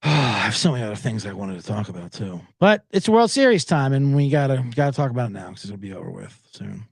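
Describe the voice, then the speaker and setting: A man, hosting a podcast and rambling through a profane, animated story. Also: medium pitch, fast talker, vocal fry, hardly any pauses, dry recording, studio quality. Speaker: podcast host. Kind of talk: casual storytelling monologue.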